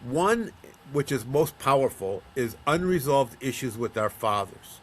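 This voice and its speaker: A man's voice: medium pitch, expressive, unhurried, a bit bright, a little hiss or hum. A man from Buffalo, New York, a middle-aged or older counselor being interviewed, telling stories and acting out the voices of the people in them. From Buffalo, New York, USA. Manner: storytelling, acts out quoted voices. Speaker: guest, counselor of men. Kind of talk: conversational interview.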